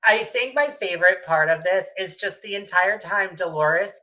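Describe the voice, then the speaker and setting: A woman's voice: fairly low pitch, moderate pace, sharp tone, low-quality recording. A woman co-hosting a casual podcast chat recapping reality TV, emphatic and swearing freely. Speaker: podcast co-host.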